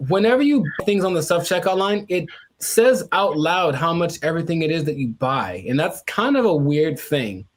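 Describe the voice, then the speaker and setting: A man's voice: a little high, big pitch swings, moderate pace, no echo. A man co-hosting a podcast in casual chat, joking and rambling with lots of repeats. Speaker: podcast co-host.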